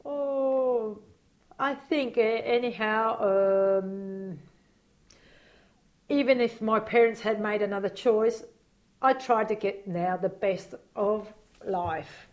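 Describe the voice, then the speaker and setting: A woman's voice: mid-range voice, fairly even intonation, slow. A woman being interviewed, talking in a reflective, hesitant way with many fillers and frequent laughs. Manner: laughs often while talking. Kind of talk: casual reminiscing interview.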